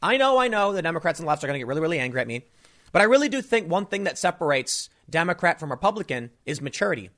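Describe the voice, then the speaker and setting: A man with a somewhat high voice gives a loose, off-the-cuff political commentary. He rambles and restarts his sentences often, speaking straight to his audience. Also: big pitch swings, very fast, bright, forceful tone. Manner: rambling, frequent restarts and fillers. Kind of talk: casual opinion monologue.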